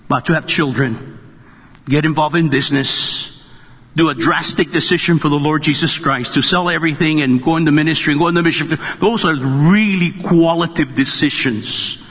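Pastor type, man, high husky voice, jokey conversational sermon, long hall echo. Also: moderate pace, fairly bright tone. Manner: joking, conversational preaching. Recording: long reverb of a large hall.

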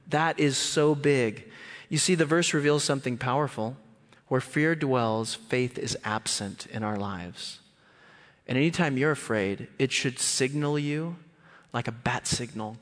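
A man preaching a sermon as a guest speaker, animated and lively, often acting out voices. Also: measured pace. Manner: animated, acts out quoted voices with big pitch jumps. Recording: long hall reverb.

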